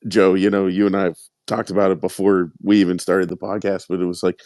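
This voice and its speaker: A man with a Pittsburgh accent hosting a podcast, talking in a rambling, halting way with many fillers. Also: deep voice, flat delivery, a little mellow, dry recording. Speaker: podcast host. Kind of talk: casual podcast chat.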